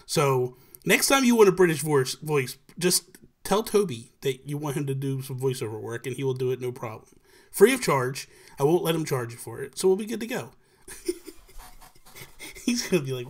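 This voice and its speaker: A man hosts a relaxed live chat, his voice sitting a bit high. He rambles with energy, often starting a sentence over. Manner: animated, rambling with many restarts, greets chatters. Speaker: livestream host.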